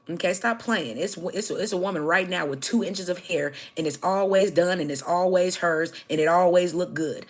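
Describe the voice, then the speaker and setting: A woman's voice: lowish voice, a little fast, hardly any pauses. An American woman hosting a livestream, bluntly and profanely answering her chat and pressing her point with repeated "okay?"s. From United States. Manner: addresses viewers directly, repeating "okay?". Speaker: livestream host.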